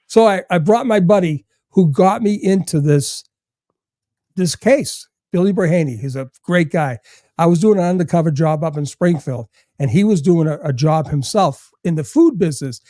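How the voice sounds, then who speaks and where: An older man from Massachusetts, a podcast guest chatting casually, telling stories with lively acted-out lines and plenty of swearing. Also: on the high side, normal speed, no room sound, clean studio sound. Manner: animated storyteller who acts out other people's lines and swears freely.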